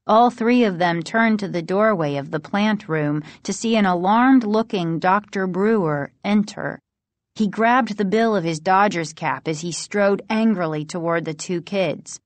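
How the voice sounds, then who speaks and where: A woman narrates a spooky children's story at an unhurried, expressive pace. Her voice sits in the middle of the range. The recording is dry and close. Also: mid-range voice, no echo. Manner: slow, expressive reading. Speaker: audiobook reader.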